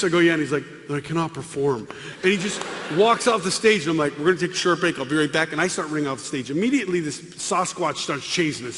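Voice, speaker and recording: A middle-aged man giving a comic testimony to a live audience, acting out the dialogue with lively voices. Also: fairly high pitch. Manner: animated, acts out dialogue with voices. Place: large hall with live audience. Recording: long hall reverb, faint room noise.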